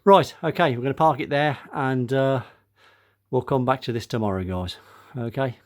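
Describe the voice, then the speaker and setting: A man's voice: mid-range voice, moderate pace. An older man narrating his own car repair in a casual workshop vlog, out of breath, speaking to his viewers with many fillers. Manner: chatty, many uh fillers, addresses viewers as guys. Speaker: car restoration vlogger.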